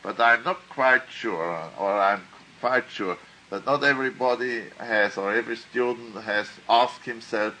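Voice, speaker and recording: Slow-speaking man lecturing a class. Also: mid-range voice, expressive, bright, forceful tone, slight background noise, rough recording. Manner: questioning, repeats questions, frequent "huh?". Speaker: teacher.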